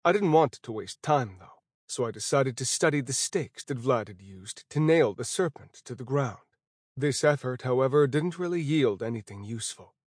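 A man narrating a first-person fantasy audiobook in a steady, even storytelling voice. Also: medium pitch, normal speed, no echo, studio quality.

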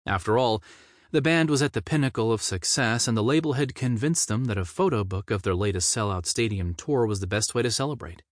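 A man reading a novel aloud as narrator, steady and measured. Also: fairly low pitch, dry recording, clean studio sound. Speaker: audiobook narrator. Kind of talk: scripted narration.

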